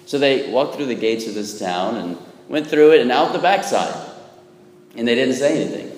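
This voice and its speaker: Folksy priest preaching in an echoing church. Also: male voice, mid-range voice, normal speed. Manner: folksy, humorous, asks "right?" often. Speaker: Catholic priest. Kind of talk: sermon. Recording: echoey church with long reverb.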